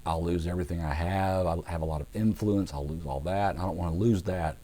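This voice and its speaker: A man's voice: deep voice, fairly even intonation, quick pace, warm tone. A man voicing a worried male Roman governor who complains about losing his job. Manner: worried, complaining, self-pitying.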